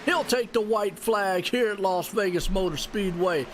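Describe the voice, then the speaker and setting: A man doing live play-by-play commentary on a sim race, folksy and excitable, dropping y'all and ain't as he talks. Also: high voice, unhurried, slight background noise.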